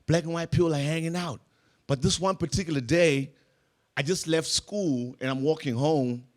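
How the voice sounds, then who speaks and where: A young man, doing animated stand-up storytelling and acting out voices. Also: a little high, moderate pace. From South Africa. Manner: animated, acts out voices, laughs through lines. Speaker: stand-up comedian. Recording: noisy live room.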